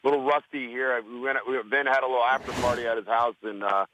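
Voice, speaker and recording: A man's voice: mid-range voice, steady tone, fast, pushed and bright, a little hiss or hum, rough recording. A man guesting on a radio show, telling stories in a rambling, self-interrupting way while hungover.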